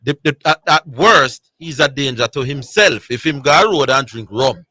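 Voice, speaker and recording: Jamaican man, co-host in a sports debate: firm, argumentative, bright voice, dry studio sound. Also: mid-range voice, normal speed, dry recording. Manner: firm, argumentative, presses his point.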